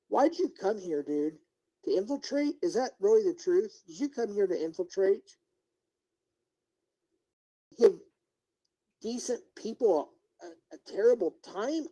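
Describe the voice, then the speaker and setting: Livestream rant, confrontational streamer, scolding and lecturing, repeats questions, mellow warm voice, middle pitch. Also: muffled recording. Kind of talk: livestream rant addressed to one person.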